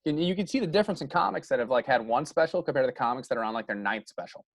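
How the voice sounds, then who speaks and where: A man's voice: medium pitch, animated, very fast, dry recording. A young man, a guest comedian, rambling earnestly and self-doubtingly in casual podcast talk.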